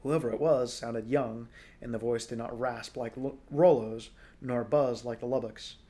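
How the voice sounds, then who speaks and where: A man reading a storybook aloud in a relaxed way, now and then correcting small slips. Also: medium pitch, unhurried. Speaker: audiobook reader.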